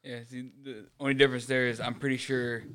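Smooth-voiced man in rambling podcast chat. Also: medium pitch, little pitch movement, brisk, bright, forceful tone. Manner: rambling, self-deprecating, casual swearing. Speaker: podcast co-host.

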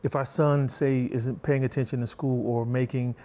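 A middle-aged man speaking in a mellow, relaxed tone as a guest. He tells personal stories at an even, middling pitch and brings them alive by acting out what people said. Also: moderate pace. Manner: animated, acts out quotes with a raised pitch. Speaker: guest, author. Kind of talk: storytelling in a conversation.

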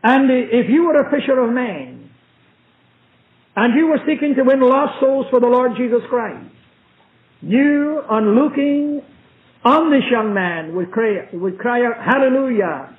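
A man preaching a sermon in church as a visiting preacher, reading scripture slowly and repeating himself for emphasis. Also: very high-pitched, animated. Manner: slow, emphatic, repetitive delivery. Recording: tinny phone-like old recording.

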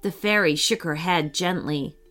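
A woman gently and expressively reading a children's bedtime story. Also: lowish voice, measured pace.

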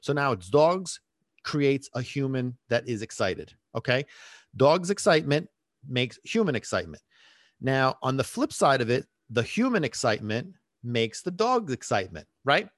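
A man hosts a dog-training podcast in a loose, chatty monologue, wandering off on tangents and chuckling at himself. His voice sits at an ordinary middle pitch. The sound is close and dry, with no room echo. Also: big pitch swings, moderate pace. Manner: rambling, chatty, laughs at his own tangents.

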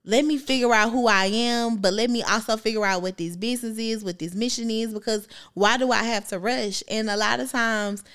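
A woman's voice: on the high side, fairly even intonation, fairly quick, few pauses, a bit bright, clean tone. A young adult woman co-hosting a podcast, chatting candidly and reflectively, with a rambling style full of "like" fillers. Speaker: podcast co-host. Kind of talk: casual chat.

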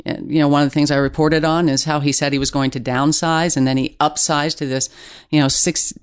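A middle-aged woman journalist, a guest in an interview, telling stories in a lively casual way with restarts. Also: sits low, fairly quick, clear, resonant tone. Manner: animated storytelling with restarts.

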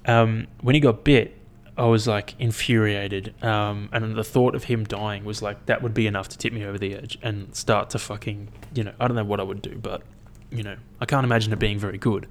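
Rambling, foul-mouthed guy, lowish voice. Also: fairly even intonation, fairly quick, hardly any pauses. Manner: blunt, swears a lot, loose and rambling. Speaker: vlogger. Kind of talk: casual rambling monologue.

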